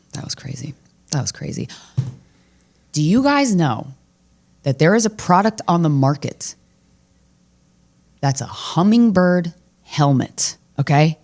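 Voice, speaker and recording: A woman comedian hosting a podcast, telling stories in a brash, profane, animated way, with sudden loud jumps in pitch. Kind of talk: casual comedic storytelling.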